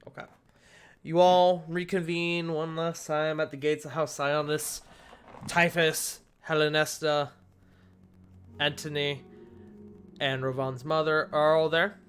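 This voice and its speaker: Bright-voiced male game master. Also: on the high side, level tone, slow, pauses often. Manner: easygoing, laughs often. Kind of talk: narrating a tabletop game.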